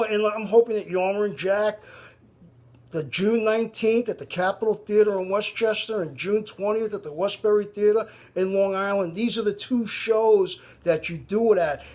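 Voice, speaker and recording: High-voiced rambling man. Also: a little slow, a little mellow. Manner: rambling, repeats "you know", restarts. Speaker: fan addressing a band. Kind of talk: casual direct-to-camera appeal.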